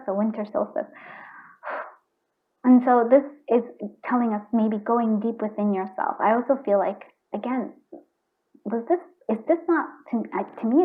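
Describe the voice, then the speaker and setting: A woman doing a casual tarot card reading, chatty and earnest, thinking aloud and restarting her sentences. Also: a little high. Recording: tinny phone-like sound.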